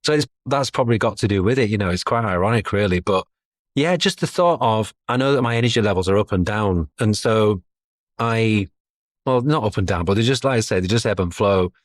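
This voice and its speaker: A man's voice: fairly low pitch, lively intonation, a little fast, no echo, studio quality. A middle-aged man, talking as a guest in a casual podcast interview, chatty and self-deprecating. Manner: chatty, self-deprecating, laughs between thoughts.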